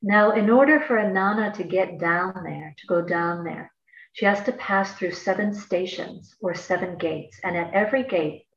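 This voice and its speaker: A woman's voice: fairly low pitch, normal speed, muffled recording. Chatty woman, roomy distant sound. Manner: chatty and playful, laughs often, slangy asides. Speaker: astrologer guest. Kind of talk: casual explanatory chat.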